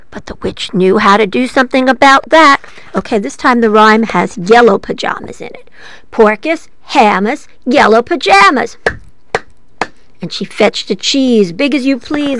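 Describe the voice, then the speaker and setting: A woman librarian telling a story to children, playful and lively, asking her listeners questions as she goes. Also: a little high, dry recording.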